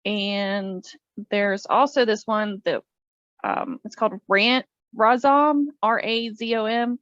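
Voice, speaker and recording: A woman's voice: medium pitch, steady tone, slow, fairly bright tone, dry recording, dull audio. A woman co-hosting a casual podcast chat, talking with lots of fillers and laughing often. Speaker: podcast co-host.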